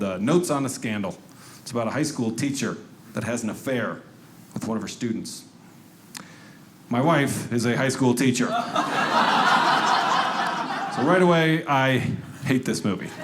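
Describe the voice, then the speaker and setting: A man doing a stand-up comedy routine on stage, telling sarcastic, deadpan stories and acting out the people in them. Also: mid-range voice, very noisy. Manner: deadpan, sarcastic storytelling with acted-out quotes. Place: comedy club stage before a live audience. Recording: stage recording with loud audience laughter.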